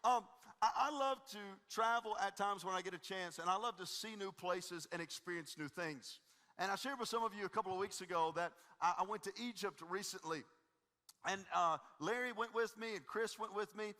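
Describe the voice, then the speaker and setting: Lively high-voiced pastor. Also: male voice, a little fast, in a large hall. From Tennessee. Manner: energetic, joking, folksy. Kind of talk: sermon with humorous storytelling. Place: church stage before a congregation.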